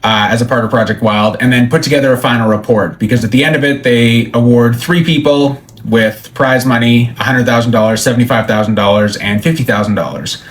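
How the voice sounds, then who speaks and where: A man in a casual interview who tells his stories with animation. He slips into the voices of the people he quotes, and his pitch sits in the ordinary middle range for a man. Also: brisk, hardly any pauses, a little hiss or hum. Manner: animated storyteller, acts out quoted lines. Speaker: country musician guest.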